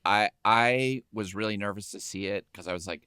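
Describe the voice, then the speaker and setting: Brief: a man hosting a podcast, casual film chat, animated storyteller, dry close sound. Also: fairly low pitch, moderate pace, clean tone, dry recording. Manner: animated storyteller who acts out quotes.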